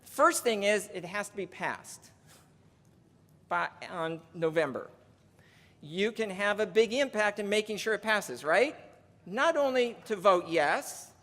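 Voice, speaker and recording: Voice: medium pitch, animated, measured pace, sharp tone. A union legislative presenter giving a chatty conference speech, reading out donor names and counting down. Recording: long reverb of a large hall.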